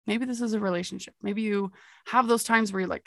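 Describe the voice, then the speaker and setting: A woman's voice: mid-range voice, fairly even intonation, fairly quick, creaky, a bit bright. A young adult woman hosting a motivational podcast, telling a story with energy and laughing at herself. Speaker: podcast host.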